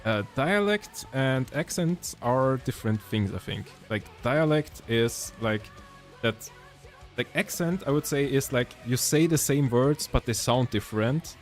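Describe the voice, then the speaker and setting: A man's voice: medium pitch, expressive, measured pace, faint music behind. A young man from Germany with a German accent, chatting casually with stream viewers and rambling with many self-corrections. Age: young adult.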